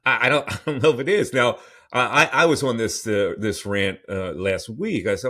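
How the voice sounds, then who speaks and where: A man's voice: medium pitch, moderate pace, a bit bright. A man hosting a sports talk podcast, rambling and opinionated, with frequent restarts.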